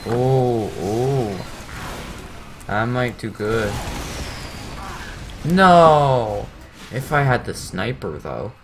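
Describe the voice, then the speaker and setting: A young man giving casual, rambling commentary over his own gameplay, teasing himself and breaking into excited outbursts. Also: fairly low pitch, slow, a little hiss or hum.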